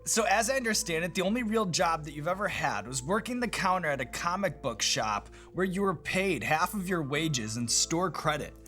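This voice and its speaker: A man hosting an interview, putting long prepared questions to his guest in a measured way. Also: a little high, lively intonation, bright, forceful tone, faint music behind. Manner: measured, reads lengthy questions. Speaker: interview host.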